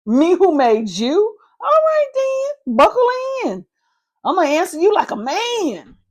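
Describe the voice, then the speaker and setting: A woman's voice: very high voice, wildly swooping pitch, a little slow, pitched above the performer's own voice, heavily acted. A woman voicing God as a sarcastic, ancient male deity who demands answers.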